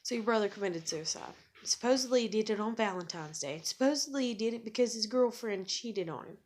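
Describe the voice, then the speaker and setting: A woman's voice: medium pitch, animated, a little fast, darkish tone, slight background noise. A woman unloads in a raw vlog rant, her talk thick with curses. She is blunt and bitter and stumbles back over her own words as she grows agitated. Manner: heavy swearing, bitter and blunt; repeats and restarts words when agitated. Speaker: vlogger. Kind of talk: angry ranting monologue to camera.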